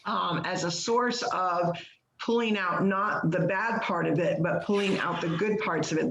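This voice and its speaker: A woman's voice: lowish voice, creaky, echoey room, highs cut off. A woman co-host of a podcast speaking earnestly and at length, with many fillers and restarts. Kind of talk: reflective monologue.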